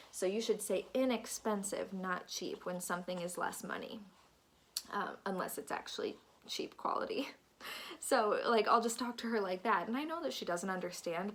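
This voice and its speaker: A woman's voice: mid-range voice, slight background noise. Young woman, 20s, Minnesota accent, casual chatty vlogger, rambling delivery. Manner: chatty, rambling, lots of fillers and asides. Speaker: vlogger, new mom. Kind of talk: casual chat to camera.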